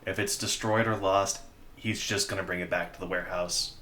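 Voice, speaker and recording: A man narrating a tabletop game as game master, in a measured, descriptive way with many fillers. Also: low voice, steady tone, sharp tone, slight background noise.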